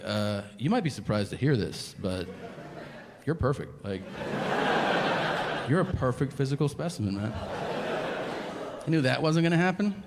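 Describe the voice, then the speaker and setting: A man performing stand-up comedy, telling stories animatedly and acting out the other people in them. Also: mid-range voice. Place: comedy club stage. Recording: echoey venue with loud room noise.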